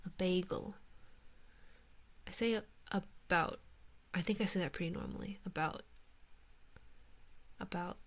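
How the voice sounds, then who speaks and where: A woman from Canada with a Canadian accent, softly whispering as she chats with viewers in an ASMR stream. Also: lowish voice. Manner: soft whispering, chatty and drawn-out words.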